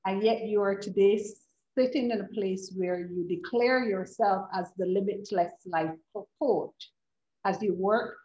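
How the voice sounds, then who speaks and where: A woman's voice: medium pitch, unhurried, a little mellow. A woman interviewer on a video call, her voice dull and lo-fi in an echoey room. She hosts an online forum, steering the talk by summing up what the guest has said before moving on. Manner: affirming, summarizing interviewer.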